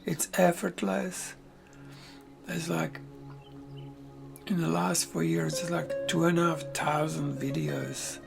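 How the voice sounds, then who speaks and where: A man, a podcaster giving a reflective spiritual talk, unhurried and soft-spoken, often drifting into near-whispers. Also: on the high side, little pitch movement. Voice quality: gravelly. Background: faint music.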